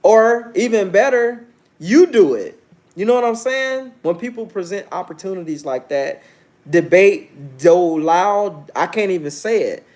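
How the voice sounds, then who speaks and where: Brash man in his thirties, lively pitch. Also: unhurried. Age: 30s. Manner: brash, preachy, challenges chat viewers directly. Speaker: livestream host. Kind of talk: casual livestream monologue.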